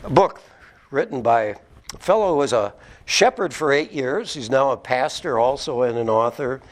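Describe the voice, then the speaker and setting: A man preaching a sermon in a church, reading scripture slowly with emphasis and talking through the meaning with small restarts. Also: medium pitch, animated. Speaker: pastor.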